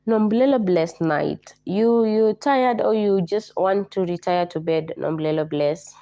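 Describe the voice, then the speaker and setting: A Kenyan woman hosts a casual livestream chat in a low, mellow voice. She is hoarse from a flu and repeats herself as she greets viewers by name. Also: a little slow. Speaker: livestream host.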